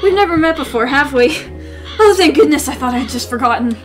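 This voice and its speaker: A woman's voice: high-pitched, expressive, quick pace, music in the background. A woman voicing a kindly older man who runs a flower shop, speaking in a folksy way. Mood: fond.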